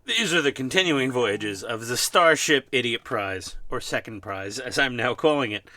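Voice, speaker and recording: Bright-voiced man with a New York accent. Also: medium pitch, animated, normal speed, no room sound. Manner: rambling and self-deprecating, many fillers. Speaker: scale model builder. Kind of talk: casual workshop chat. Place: home hobby workbench.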